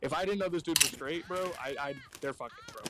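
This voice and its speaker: A man's voice: fairly high pitch, fast, very noisy. Profane rambling male storyteller. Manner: profane, rambling, lots of "like" fillers. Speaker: streamer. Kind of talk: casual storytelling while gaming.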